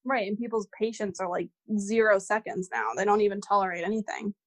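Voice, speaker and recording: A woman's voice: mid-range voice, brisk. A young woman with a mid-range voice chats as a podcast guest. Her speech is casual and easygoing, full of "like" fillers, and she agrees readily with the host. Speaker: guest, neuroscience PhD candidate. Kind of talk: casual conversation.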